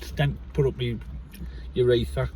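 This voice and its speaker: A man's voice: mid-range voice, little pitch movement, unhurried, warm tone, far from the mic, a little hiss or hum. A man telling a long story in casual chat, rambling and swearing freely, recorded inside a car. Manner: rambling, keeps restarting with "so anyway". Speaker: vlogger.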